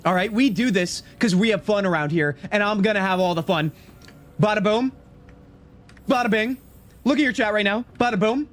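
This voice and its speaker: A young man streaming gameplay live, excitable and teasing as he banters with his chat. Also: high voice, moderate pace.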